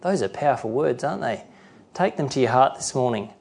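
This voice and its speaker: A man's voice: medium pitch, lively intonation, brisk, creaky, darkish tone. A middle-aged male pastor preaching a sermon earnestly, sometimes acting out the voices he quotes.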